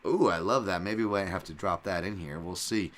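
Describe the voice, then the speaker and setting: A man's voice: low voice, brisk, fairly bright tone. A man hosting a solo podcast, rambling in casual chat with lots of fillers and restarts and swearing freely. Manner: rambling, loose talk full of "like" and restarts. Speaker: podcast host and fight analyst.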